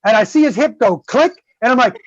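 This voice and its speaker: Profane, animated man telling a story. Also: very high-pitched, quick pace, no room sound, dull audio. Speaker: guest host. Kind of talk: casual storytelling.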